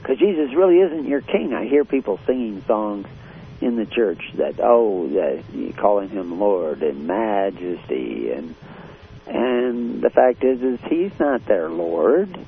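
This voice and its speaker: Male preacher, lowish voice, blunt and confrontational, tinny phone-like radio audio with faint hiss. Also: sing-song, slow. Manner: blunt, confrontational, with many uh fillers. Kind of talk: radio sermon.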